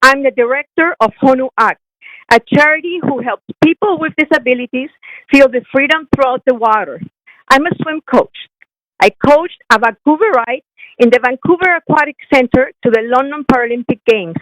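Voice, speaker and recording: A woman's voice: high-pitched, normal speed, fairly bright tone, no echo, rough recording. A middle-aged woman calling in by phone to give an earnest prepared comment at a council meeting, with small restarts as she reads. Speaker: public speaker at council, swim coach. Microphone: phone line.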